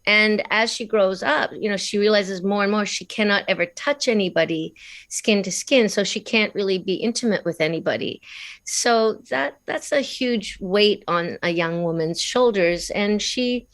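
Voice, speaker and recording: A woman's voice: mid-range voice, normal speed. Middle-aged aussie woman chatting in an interview, laughs a lot while telling stories. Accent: Australian. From Australia. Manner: warm, chatty, laughs often. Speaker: voice actress guest. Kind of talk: casual interview storytelling.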